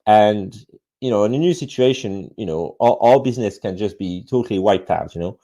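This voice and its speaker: With a fairly low, warm voice, a French-accented man delivers an expressive, brisk presentation at an online ecommerce summit he's joining remotely, littered with fillers, restarts and curse words.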